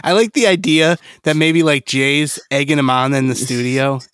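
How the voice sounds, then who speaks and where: A man's voice: mid-range voice, normal speed, fairly bright tone, smooth, no echo, studio quality. A man co-hosting a podcast, playful and crude in casual chat. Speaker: podcast co-host.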